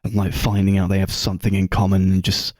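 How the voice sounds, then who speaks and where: Brief: male podcast co-host, lowish voice, lively storyteller, dry close-mic sound. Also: fast, no echo. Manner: animated, swears, acts out scenes. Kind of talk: casual film chat.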